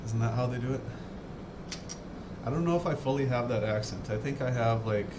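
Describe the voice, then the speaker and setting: A man's voice: mid-range voice, a little fast, background noise. Chatty North Dakota man. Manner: rambling, chatty, self-deprecating. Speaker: livestream host building a model kit. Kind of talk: casual live-stream chat. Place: home, indoors.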